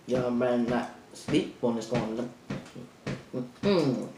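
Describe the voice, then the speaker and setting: A woman's voice: extremely low pitch, slow, long pauses, a little mellow, reverberant, a little hiss or hum. A woman hosting an eating show, chatting casually to her viewers between bites and getting out of breath. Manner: chatty, addresses viewers as y'all, eats between lines. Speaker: mukbang host.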